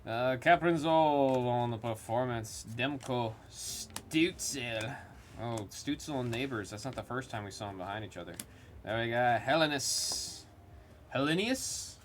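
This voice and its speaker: A man's voice: mid-range voice, unhurried, a little hiss or hum. A man hosting a live card break, reading out player names with loose, rambling, joking commentary. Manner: reads out player names as he goes. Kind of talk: live commentary while opening cards.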